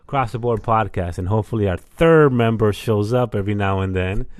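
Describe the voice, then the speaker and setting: A man's voice: on the low side, a little fast, darkish tone, clear, resonant tone, no echo. Young male podcast co-host, rambling and chatty, dry close sound. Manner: loose and rambling, repeats himself. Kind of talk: casual podcast chat.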